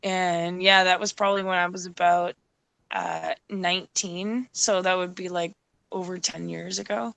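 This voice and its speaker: A woman's voice: on the low side, steady tone, moderate pace, vocal fry, fairly bright tone, rough recording. A woman in her thirties from Canada, chatting casually on a stream, full of "like" and cooing at her dog. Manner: chatty, heavy "like" filler, coos at dog. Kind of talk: casual chat.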